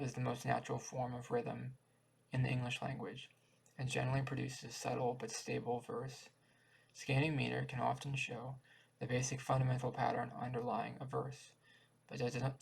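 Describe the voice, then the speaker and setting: A man reading a lesson text aloud, halting at times and restarting words. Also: mid-range voice, creaky, slightly rough, low-quality recording. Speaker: channel host explaining poetry.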